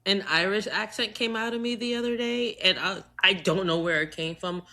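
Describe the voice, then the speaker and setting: A Trinidadian American woman co-hosting a podcast in casual chat, animated and joking, swearing freely. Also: medium pitch, normal speed. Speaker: podcast co-host.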